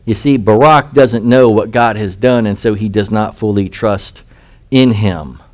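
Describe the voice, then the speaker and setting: A man's voice: lowish voice, unhurried. A male pastor giving an expository sermon, reading scripture aloud and putting rhetorical questions to his listeners.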